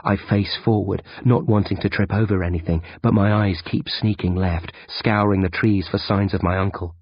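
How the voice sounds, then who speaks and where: A man narrating a first-person audiobook in a tense, measured storytelling manner. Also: low-pitched, fairly even intonation, breathy edge. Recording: dull, dry lo-fi recording.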